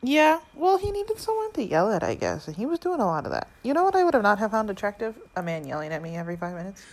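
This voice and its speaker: A woman's voice: medium pitch, wildly swooping pitch, fast talker, poor audio. A woman co-hosting a podcast, casually recapping a movie scene by scene. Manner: chatty, recaps with quoted lines. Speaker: podcast co-host.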